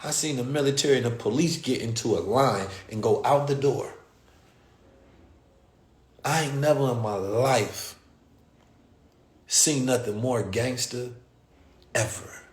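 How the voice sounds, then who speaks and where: Speaking at a measured pace with long pauses, this US podcast host has a medium-pitched voice. He tells a story in slangy, animated fashion, voicing its characters, and the room echoes noticeably.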